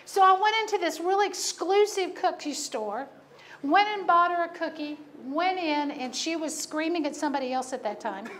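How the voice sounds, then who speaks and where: A woman pastor delivers a sermon in a very high voice, telling stories and laughing at herself. She drives her points home by repeating them. A faint hiss sits under the recording. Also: moderate pace, fairly bright tone. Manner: storytelling, laughing at herself, emphatic repetition.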